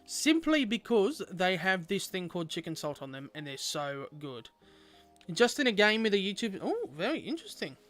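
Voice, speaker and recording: A man's voice: high voice, very animated, moderate pace, a bit bright, soft background music. A young man chatting playfully with viewers while streaming a game. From Australia. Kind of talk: casual gameplay livestream chat.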